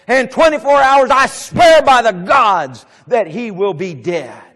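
A male preacher voicing an enraged queen who swears an oath slowly and emphatically, in a reverberant hall. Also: very high-pitched, expressive, a bit bright, voice pushed up, heavily acted. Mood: furious. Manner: slow, emphatic, declaiming.

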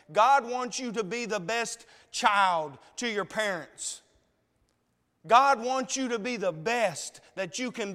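A male preacher with a high voice, delivering a slow, deliberate sermon. He sounds tearful and emotional, and he pleads with his listeners through repeated questions. His voice rings with the long reverb of a hall. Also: fairly bright tone.

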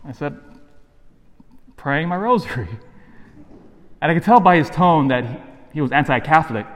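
A man's voice: fairly high pitch, expressive, normal speed, pauses often, fairly bright tone, in a large hall. A man, a Catholic priest, giving a sermon and telling a personal story, acting out both sides of a conversation.

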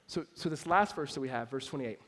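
A man preaching a sermon in a conversational style, moving between loud urgency and soft, intimate moments, and acting out quoted voices. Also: mid-range voice, a little fast. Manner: acts out quoted voices and jokes with the congregation. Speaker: pastor.

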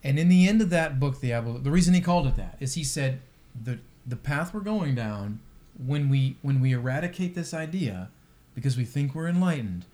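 A man's voice: mid-range voice, animated, fairly quick, warm tone. A man co-hosting a podcast, talking through philosophy in a thoughtful, wry way with many restarts. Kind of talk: casual discussion of apologetics.

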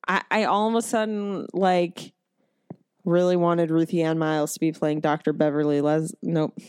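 A woman's voice: low-pitched, moderate pace, clear, resonant tone, no echo. Laughing, foul-mouthed woman, dry sound. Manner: profane, laughs often, animated outbursts. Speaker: podcast co-host. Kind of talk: casual chat.

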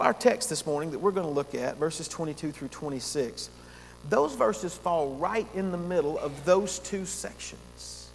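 High-voiced preacher man in a reverberant hall. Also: a bit bright. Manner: earnest preaching, slowing down to stress key words. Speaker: pastor. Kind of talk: expository sermon.

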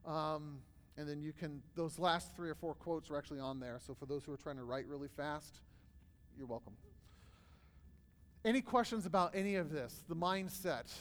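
A man talking through a live class, his voice smooth and resonant as it rings through a reverberant hall. He leads with loose, chatty storytelling full of ums and uhs, pitched a little high for a man. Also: moderate pace. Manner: casual storytelling with many fillers. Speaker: workshop presenter. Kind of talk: live class talk to an audience.

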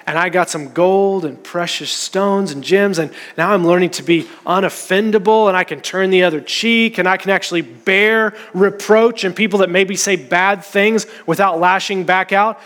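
A man's voice: high voice, fairly bright tone, long reverb tail. A man preaching a sermon as pastor, talking in an earnest, conversational way.

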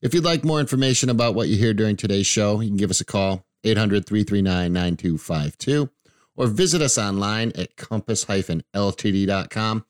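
Deep-voiced chatty male radio host. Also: brisk, clear, resonant tone, no echo, studio quality. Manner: chatty, restarts often, laughs easily. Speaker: financial radio show host. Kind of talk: casual radio talk.

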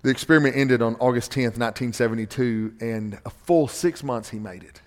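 A middle-aged man preaching a sermon from a church stage, emphatic and animated, repeating key phrases for effect. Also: medium pitch, a little fast. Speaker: pastor. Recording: long hall reverb from a church stage.

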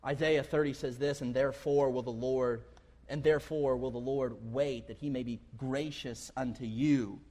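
Man, pastor, mid-pitched, chatty storytelling sermon with laughs, long hall reverb. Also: fairly even intonation, moderate pace, mellow. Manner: conversational, storytelling, laughs often. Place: church hall.

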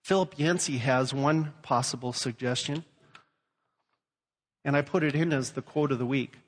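A man's voice: mid-range voice, normal speed, long reverb tail. A man from Louisiana preaching a sermon and telling stories, acting out the voices he quotes. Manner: storytelling, acts out quoted voices. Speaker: pastor.

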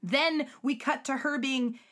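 A woman's voice: high voice, unhurried. A woman podcast co-host, recapping a show in casual chat and acting out characters' lines. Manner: animated, acts out character lines in put-on voices.

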